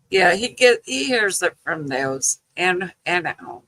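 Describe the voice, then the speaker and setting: An older woman chatting casually with viewers on a livestream, telling family stories in a slow, rambling way with lots of "you know" and laughter. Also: on the low side, very animated, pushed and bright, poor audio. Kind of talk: casual live chat.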